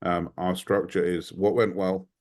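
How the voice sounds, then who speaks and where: A man's voice: low-pitched, level tone, unhurried, a little mellow. A British man sharing advice on a video call, talking animatedly with many ums and likes. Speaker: community member sharing advice. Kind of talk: casual video call chat.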